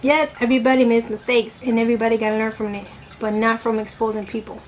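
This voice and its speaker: Eating on camera, a woman vlogger talks through her opinions at a quick pace in a fairly high, flat voice. She rambles with many "you know" fillers and self-corrections, and the audio is poor with slight background noise.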